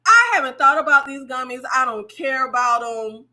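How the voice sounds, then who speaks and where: A woman hosting a casual chat with her viewers, telling stories in an animated way, laughing and swearing freely. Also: high-pitched, normal speed. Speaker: YouTube host.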